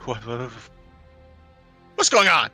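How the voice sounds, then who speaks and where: A man's voice: medium pitch, expressive, fairly quick, fairly bright tone, soft background music, close to an everyday voice. A man voicing a stammering, bewildered freed were-rat man. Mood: confused. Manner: stammering, confused.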